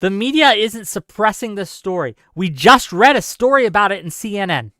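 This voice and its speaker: A talk show host giving emphatic, argumentative commentary and rebutting viewer comments, often adding quick tag questions. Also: medium pitch, lively intonation, bright, forceful tone, no echo, clean studio sound. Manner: frequent tag questions and fillers. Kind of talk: live call-in commentary, reading viewer comments.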